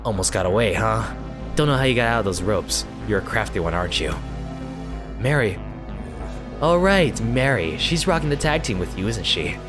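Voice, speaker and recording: Man voicing a smug villain husband, low, menacing, faint game music. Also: expressive, moderate pace, lightly acted. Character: sinister cult-leader husband, smug and menacing.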